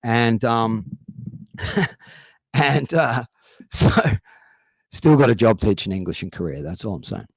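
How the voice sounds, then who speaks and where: Over a livestream, a young adult Australian comedian does a rambling stand-up set full of swearing and conversational stories. His lowish voice is slow, with long pauses and no echo.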